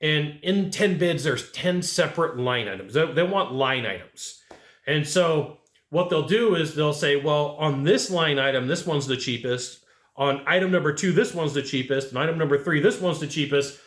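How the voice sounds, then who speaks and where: Man, sales trainer, fairly high voice, echoey room, lively rhetorical delivery. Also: moderate pace. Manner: animated, acts out client quotes, rhetorical questions. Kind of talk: casual sales training talk.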